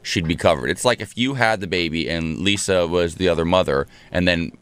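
A man's voice: low voice, a little fast, a bit bright, clean tone, no echo. A man co-hosting a radio show, telling stories in a chatty, wry way. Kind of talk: casual storytelling chat.

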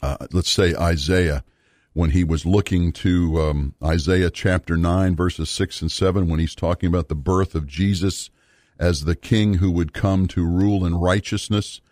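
A man teaching a Bible study series in an earnest, measured way, pausing with fillers and repeating words for emphasis. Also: sits low, fairly even intonation, darkish tone, no echo, clean studio sound.

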